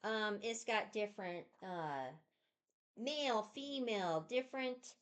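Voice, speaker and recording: A woman's voice: mid-range voice, lively intonation, unhurried, a bit bright. A woman co-hosting a casual board game review, chiming in with agreement and hesitant fillers. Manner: chatty, supportive, hesitant fillers.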